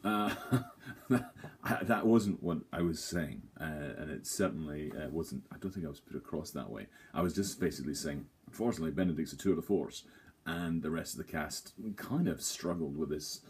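A man's voice: a bass voice, normal speed, darkish tone, slight background noise. A man giving a rambling, self-deprecating, jokey theatre review to camera, full of fillers.

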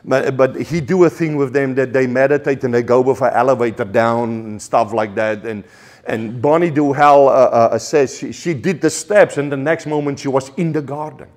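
A man's voice: mid-range voice, normal speed, a little mellow. A man with a South African accent preaching a sermon passionately, with frequent stammered restarts.

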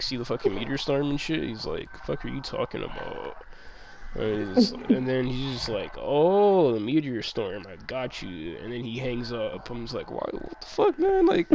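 A man's voice: mid-range voice, vocal fry, poor audio. A man casually telling a rambling, profanity-laced story, acting out bits of dialogue, with crowd chatter behind. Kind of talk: casual chat.

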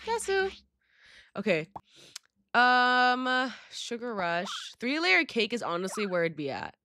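A woman's voice: a little high, big pitch swings, measured pace, bright, forceful tone. A young woman giving bubbly, dramatic, slangy commentary while playing a game, with sudden squeals. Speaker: gaming YouTuber. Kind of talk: casual gaming commentary.

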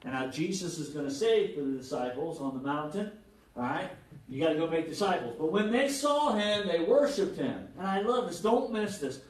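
A pastor preaching a conversational sermon, animated and joking, checking in with the congregation with frequent "right?". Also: male voice, a little high, moderate pace. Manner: animated, jokes and acted-out quotes. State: jet lagged. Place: church hall with congregation. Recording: echoey hall, mic at a distance.

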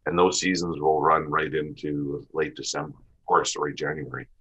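Very deep husky Canadian man. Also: flat delivery, moderate pace, a bit bright. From Western Canada. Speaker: podcast guest, hunter. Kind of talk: casual interview talk. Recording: dull lo-fi audio.

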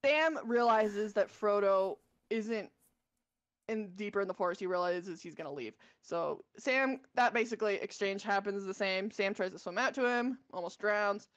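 A woman's voice: medium pitch, moderate pace, no room sound. A woman co-hosting a podcast, casually retelling a book's plot with many fillers and self-corrections. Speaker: podcast co-host.

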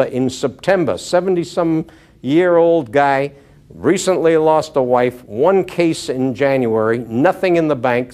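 A man giving a motivational sales talk to a live audience, telling stories earnestly and dropping his voice for emphasis. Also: a little high. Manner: storytelling, earnest, drops to hushed tones for emphasis. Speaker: motivational speaker.

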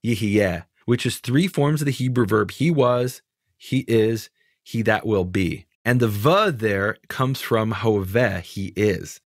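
A man's voice: mid-range voice, no room sound, clean studio sound. A man teaching in conversation, emphatic and dismissive of mistaken ideas, explaining word meanings step by step. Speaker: Bible teacher.

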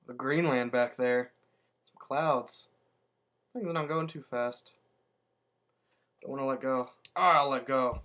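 A man giving casual, excitable commentary while playing a video game, jumping up in pitch whenever he survives. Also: a little slow, long pauses. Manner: excitable, yelps upward when surviving. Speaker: let's play gamer.

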